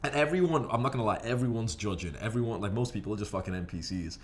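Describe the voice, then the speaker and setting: A man with a somewhat low voice speaks in a loose, profanity-laced monologue, rambling and animated. Faint background noise sits under him. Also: fast. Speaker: fitness vlogger. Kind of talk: casual monologue to camera.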